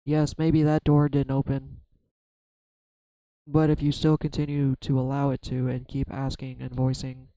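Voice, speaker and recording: Halting, mellow-voiced man reading tarot. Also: mid-range voice, no echo, poor audio. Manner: halting, self-searching, many restarts. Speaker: tarot reader. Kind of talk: reflective solo tarot vlog.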